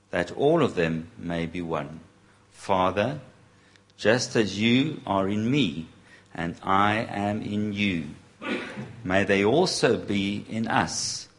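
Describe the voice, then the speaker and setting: Deep voiced guy reading a bible passage real slow. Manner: slow and deliberate. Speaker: scripture reader.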